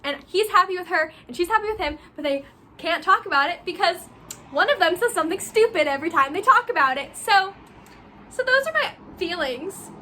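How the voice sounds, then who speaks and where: A young woman chatting casually about a book she loves, gushing and animated, packing her talk with "like.". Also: very high-pitched, brisk. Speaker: book vlogger. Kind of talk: casual book review chat.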